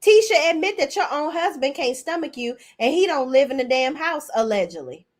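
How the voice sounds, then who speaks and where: Host, woman, 40s: blunt, mocking recap commentary with a high-ish, swinging voice. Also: fairly quick. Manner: blunt, profane, sassy; mocking and animated, swings between high and low. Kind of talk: reality TV recap rant.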